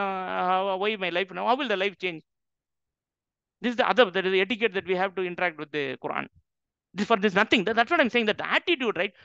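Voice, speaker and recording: Emphatic gravelly male lecturer. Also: high-pitched, sharp tone, no echo. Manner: emphatic, addresses audience with rhetorical questions. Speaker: Islamic teacher. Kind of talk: lecture on the Quran. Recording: dull lo-fi dry recording.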